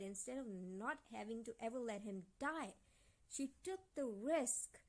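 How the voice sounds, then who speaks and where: Young woman book vlogger, high-ish voice, indignant rants broken by hushed reading. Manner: quiet, muttered reading of passages. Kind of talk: reading vlog reaction.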